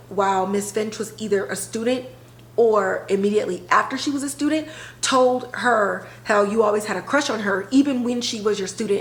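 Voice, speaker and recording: A woman podcast host retelling a TV episode in a casual, animated way, full of filler words. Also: medium pitch, echoey room, low-quality recording. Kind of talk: casual storytelling recap.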